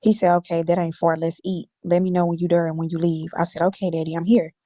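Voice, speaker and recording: Dull lo-fi audio captures a woman from Illinois, a stream guest, bluntly reading out her texts full of profanity. Her voice is fairly low and dark, fast and level in tone, with no room sound.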